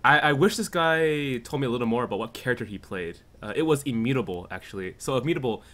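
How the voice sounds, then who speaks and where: Lively, bright-voiced podcast host. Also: male voice, medium pitch, quick pace. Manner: animated, laughing often. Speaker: podcast host reading questions. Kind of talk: casual gaming podcast chat.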